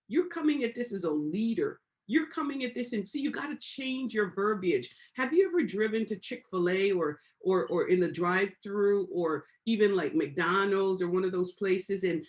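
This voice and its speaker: Brief: woman, business coach on a group call, preacherly, repeats key lines, mid-pitched voice with big surges of volume. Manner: preacherly, repeats lines for emphasis, swings loud and high. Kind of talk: motivational teaching on a group call.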